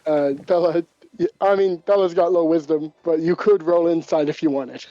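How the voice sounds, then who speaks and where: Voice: mid-range voice, steady tone, moderate pace, warm tone, dry recording, muffled recording, faint music behind. A tabletop game player talking casually and offhandedly about the game.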